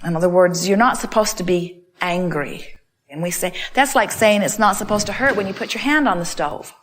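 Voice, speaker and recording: A woman speaking at a mid-range pitch delivers a seminar talk to questioners. She speaks emphatically and keeps returning to the same set phrases. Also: moderate pace, a little hiss or hum. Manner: emphatic, repeats phrases like "in other words" and "you see". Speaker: inspirational speaker answering audience questions.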